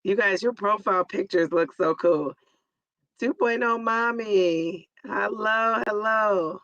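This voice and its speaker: A hoarse, raspy woman in her forties hosting a live stream, chatting casually and greeting viewers by name. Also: medium pitch, slow pace, a bit bright, no room sound, highs cut off. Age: 40s.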